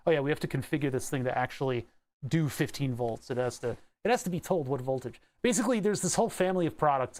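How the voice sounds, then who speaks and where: A man's voice: on the high side, a little mellow. A man with a slightly raised voice chats casually on a livestream while working on electronics. He rambles between technical talk and tangents, with profanity and laughing asides.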